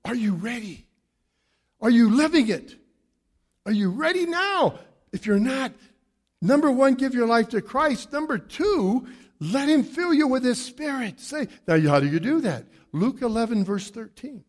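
A pastor delivering an emphatic, animated sermon full of rhetorical questions, moving around as he preaches to a church congregation. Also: extremely high pitch, measured pace. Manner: moves around a lot while preaching.

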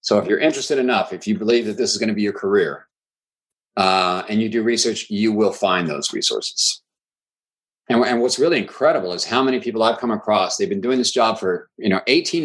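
A man who teaches claims training, speaking as a guest in an interview and telling lively stories in quick bursts. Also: fairly low pitch, rough recording. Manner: animated storyteller, quick bursts. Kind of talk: conversational interview.

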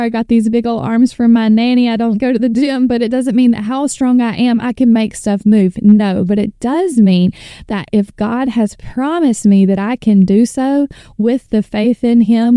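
Podcast host, woman, 30s, earnest and fired-up, slightly high pitch, smooth and resonant. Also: moderate pace, dark tone, no room sound, studio quality. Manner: fervent, earnest, preacher-like build-ups. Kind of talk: faith podcast talk reading scripture.

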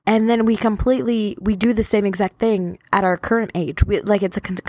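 A woman's voice: medium pitch, steady tone, brisk, warm tone, no room sound. A young adult woman hosting a podcast in a casual, rambling, self-deprecating chat. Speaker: podcast host.

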